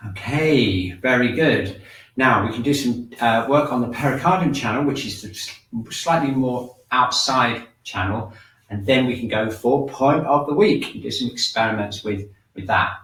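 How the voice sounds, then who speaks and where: A man teaching a shiatsu and qi gong class, talking students through breathing and tapping with calm, gentle prompts. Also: medium pitch, normal speed. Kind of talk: guided exercise class. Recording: echoey room, mic at a distance.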